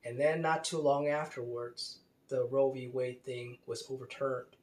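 A man's voice: medium pitch, fairly even intonation, unhurried, darkish tone. A man giving casual spoken commentary, reading quotes aloud and rambling with many fillers and restarts. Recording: roomy echo.

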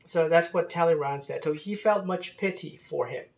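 A man telling a history story casually, pausing with many fillers and restarting his sentences. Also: a little high, vocal fry, a little mellow.

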